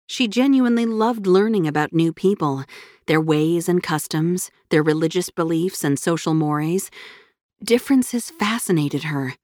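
Woman narrating an audiobook, lowish voice, bone dry close mic, steady measured read. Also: no echo. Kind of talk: scripted narration.

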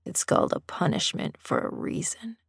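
A woman voicing a stern, teasing male master in a low, rough, commanding whisper, as whispered role-play. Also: moderate pace, no room sound, clean studio sound, natural voice.

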